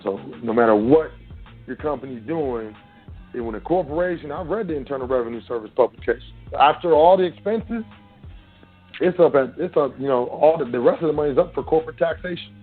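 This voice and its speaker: A man's voice: on the high side, lively intonation, a little fast, husky. A man hosting an internet radio show, talking casually and preachily straight to his listeners. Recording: tinny phone-line sound with faint music.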